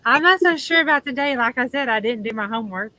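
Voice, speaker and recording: A woman's voice: high-pitched, pushed and bright, no room sound, low-quality recording. A woman with a Southern accent hosting a casual livestream chat from outdoors, chatty and laughing, trailing off with ums. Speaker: livestream host. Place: outdoors in the shade under an awning.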